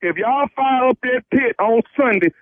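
Give me a high-pitched man griping over a thin phone line. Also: normal speed, no room sound. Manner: complaining, stammering restarts. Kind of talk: heated phone argument. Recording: dry tinny phone line.

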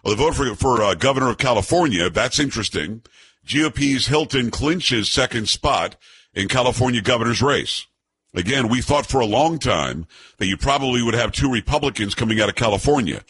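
A man's voice: mid-range voice, lively intonation, a little fast, fairly bright tone, slight background noise. A man hosting a solo political commentary show, blunt and sarcastic, reading news items aloud and adding his own opinions.

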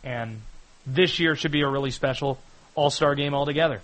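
Bright-voiced chatty sports radio host man. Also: mid-range voice, normal speed, low-quality recording. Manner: chatty, riffing, jumps into loud excited bursts. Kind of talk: casual sports talk radio.

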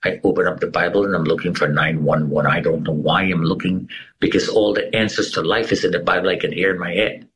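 Husky, low-voiced middle-aged man telling his story. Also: fairly even intonation, quick pace, fairly bright tone, poor audio. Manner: dramatic storytelling with sweeping pitch swings. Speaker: interview guest. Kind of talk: emotional personal testimony.

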